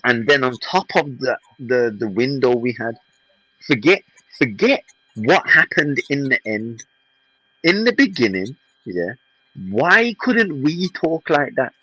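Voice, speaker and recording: A man with a husky voice, a podcast co-host arguing indignantly in heated football banter and mocking his rival's words. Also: mid-range voice, very animated, slow pace, pushed and bright, no room sound, poor audio. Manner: indignant, exasperated, mocking quotes.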